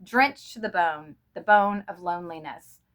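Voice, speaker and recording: A woman reading a short story aloud in an expressive, dramatic way. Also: on the low side, measured pace. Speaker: reader.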